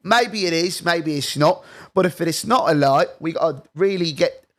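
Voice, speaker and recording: A man voicing a perplexed, fussy English gentleman with a put-on English accent. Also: fairly high pitch, normal speed, close to an everyday voice. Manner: puzzled, hesitant.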